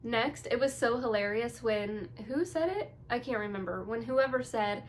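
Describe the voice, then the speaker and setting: A woman's voice: on the high side, moderate pace, slight background noise. Gushing young woman chatting to camera. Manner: gushing, bubbly, full of "like" and "you guys". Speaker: TV reaction vlogger. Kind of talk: casual chat to camera.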